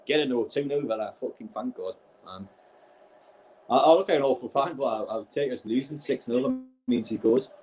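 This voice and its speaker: Exasperated sweary fan ranting live. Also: male voice, mid-range voice, darkish tone. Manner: exasperated, sweary, fast-shifting rants. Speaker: football fan livestreamer. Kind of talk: live match reaction commentary.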